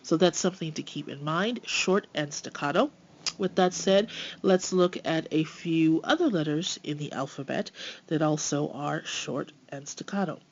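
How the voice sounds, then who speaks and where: A woman teaching pronunciation, speaking clearly and slowing down to model each sound. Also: low voice, dull audio, slight background noise. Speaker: French teacher. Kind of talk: scripted pronunciation lesson.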